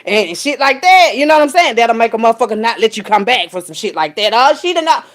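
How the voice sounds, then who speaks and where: A woman speaking, in a streetwise, profane storytelling rant. Her voice leaps up high and loud when she mimics others, then drops low and soft. The delivery is loose and conversational, like a vlog monologue. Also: fast, vocal fry, hardly any pauses. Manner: animated, profane, streetwise storytelling with big pitch jumps when quoting people. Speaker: vlogger.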